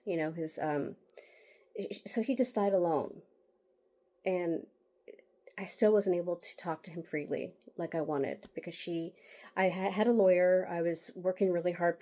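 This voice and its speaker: In a lowish, dark voice, a woman author speaks candidly on a vlog about her book and a bitter personal story. She's emotional and rambling, full of restarts and fillers, with sighs and wry laughter along the way.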